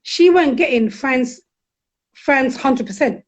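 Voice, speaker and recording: Animated high-voiced woman, frank and lively. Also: lo-fi sound. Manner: animated, frank, quick to act out quotes. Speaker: guest counsellor. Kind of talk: candid conversational storytelling.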